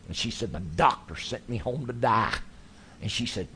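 A man's voice: a little high, moderate pace, slight background noise. Folksy preacher man telling stories. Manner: folksy, animated storytelling. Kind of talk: sermon storytelling.

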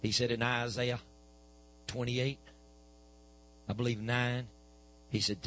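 A man's voice: mid-range voice, flat delivery, moderate pace, long pauses, fairly bright tone, slight background noise, rough recording. A man, preaching a sermon and telling a healing story with quoted back-and-forth dialogue.

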